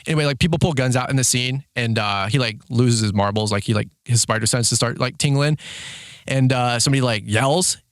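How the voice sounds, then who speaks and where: A man in his thirties who owns a lawn care business, telling a rambling story in a casual vlog, full of "like" and "dude", acting out shouted quotes in a higher voice. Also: brisk, no room sound, clean studio sound. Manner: heavy use of filler words like "like" and "dude".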